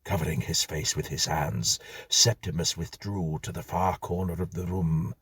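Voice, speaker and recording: Deep husky male storyteller. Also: fairly even intonation, a bit bright, no room sound, studio quality. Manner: measured, dryly whimsical reading. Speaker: narrator. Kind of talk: scripted storytelling.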